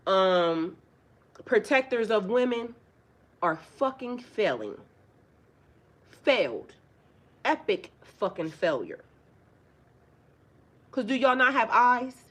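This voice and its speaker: Blunt, profane woman preaching to viewers. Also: fairly high pitch. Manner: rhetorical questions, repeats phrases for emphasis. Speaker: spiritual life coach. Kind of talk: casual livestream talk to viewers.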